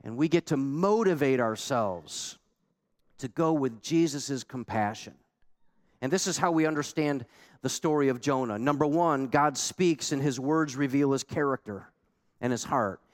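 A man's voice: medium pitch, measured pace. A man preaching a sermon as pastor, emphatic and conversational, with many rhetorical questions to the congregation.

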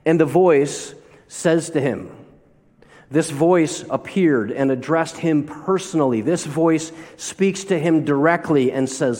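A man's voice: fairly high pitch, slow pace, darkish tone. A man preaching a sermon as a pastor, telling stories and asking the listeners rhetorical questions. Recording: long reverb of a large hall.

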